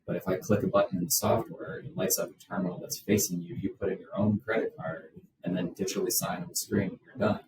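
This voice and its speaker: A man's voice: sits low, darkish tone, slight background noise, rough recording. A man, a business co-founder, explaining things plainly as a guest in an interview. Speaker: guest, payments company co-founder.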